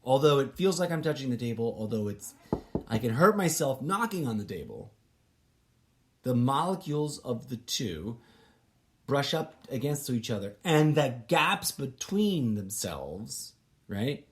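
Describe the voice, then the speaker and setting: A man's voice: medium pitch, very animated, unhurried. A man hosting his own podcast, thinking aloud in a casual, rambling monologue that is full of restarts and loose asides. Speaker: podcast host.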